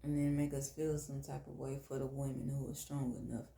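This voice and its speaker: Slow gravelly Southern woman, echoey room. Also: rumbling low, level tone, dark tone. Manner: slow, deliberate, emphatic address to men. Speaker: podcast host. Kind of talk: frank monologue on faith and relationships.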